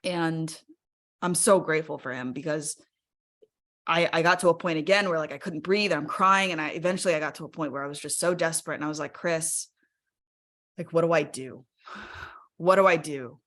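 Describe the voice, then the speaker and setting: A woman telling her personal story in a webinar, chatty, with many fillers and "right?", and lively when she quotes herself. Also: deep voice, fast talker. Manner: conversational, fillers like 'like' and 'right?'; animated when quoting herself.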